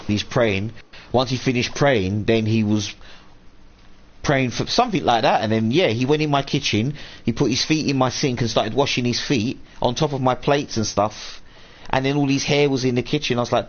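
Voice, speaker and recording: This casual live-stream rant comes from a man with a mid-range voice who talks a little fast, rambling on, swearing, and quoting people loudly. Faint room hum sits under the dull, lo-fi audio.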